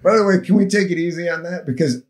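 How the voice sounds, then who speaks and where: A man in his fifties telling stories about living abroad in a casual conversation, animated and quick to laugh. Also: fairly high pitch. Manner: animated, acts out village voices, laughs often. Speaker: former field worker telling stories.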